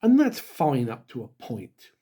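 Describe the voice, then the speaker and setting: Mellow-voiced middle-aged man giving wry opinions. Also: medium pitch, huge pitch swings, unhurried, breathy edge. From United Kingdom. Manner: wry, candid, with sighs and dry asides. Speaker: YouTube host and dungeon master. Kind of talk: opinionated solo talk to camera.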